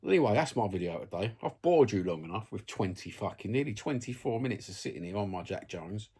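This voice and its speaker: A Cockney man vlogs from a seat at home, ranting casually and bluntly to camera with lots of swearing and a habitual "you know what I mean." His fairly low voice is animated and fast, mellow yet slightly rough.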